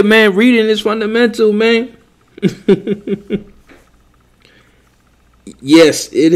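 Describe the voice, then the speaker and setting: Slow-talking man ranting casually. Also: sits high. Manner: rambling and heated, with frequent restarts. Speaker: religious teacher. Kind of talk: casual spoken commentary.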